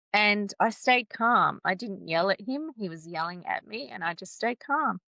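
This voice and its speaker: Halting woman telling her story. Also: medium pitch, expressive, bright, forceful tone, dry recording. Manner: halting, restarts often, laughs nervously. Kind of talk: emotional personal interview.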